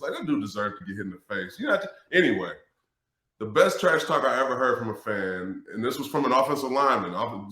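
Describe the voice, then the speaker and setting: A man who is a former pro football lineman, telling stories in a casual interview, animated and laughing, swearing freely. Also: medium pitch. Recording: roomy echo.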